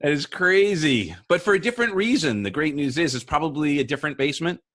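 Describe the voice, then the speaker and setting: A man's voice: fairly high pitch, animated, quick pace, fairly bright tone, no echo. A man hosting an interview show, reading a guest's introduction in an upbeat announcer style and then chatting casually. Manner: upbeat, mock radio-announcer delivery. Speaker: show host.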